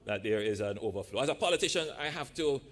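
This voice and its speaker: A man from Jamaica, a politician giving a measured, deliberate speech to a live audience in a large church hall, with playful asides. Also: medium pitch, animated.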